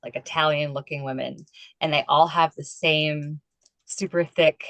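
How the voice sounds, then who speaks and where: A woman's voice: deep voice, steady tone, unhurried, a bit bright, no echo. A woman chatting casually on a podcast, self-deprecating and talkative. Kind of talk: casual chat.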